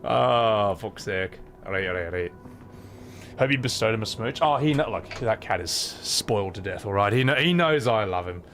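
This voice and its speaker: A man's voice: on the low side, animated, normal speed, fairly bright tone, a little hiss or hum. A man streaming and chatting casually with his viewers, playful and swearing, cooing at his cat. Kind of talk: casual live-stream chat.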